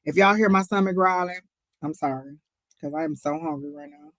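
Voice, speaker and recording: This woman's voice sits low and has a fairly bright tone, and she talks fairly quickly in a dry recording. Co-hosting a live tarot stream, she keeps it casual and chatty, telling stories and talking directly to her audience.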